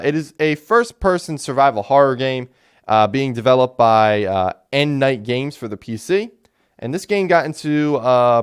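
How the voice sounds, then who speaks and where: Guy rambling on his gaming podcast, smooth clear voice, medium pitch, lots of ums and restarts. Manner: rambling, animated, many fillers and restarts. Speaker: podcast host. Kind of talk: casual solo game talk.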